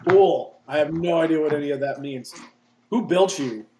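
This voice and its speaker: A man's voice: on the high side, normal speed, mellow, roomy sound, a little hiss or hum. A man playing a tabletop game casually, eager and curious. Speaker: player. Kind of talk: casual tabletop role-play.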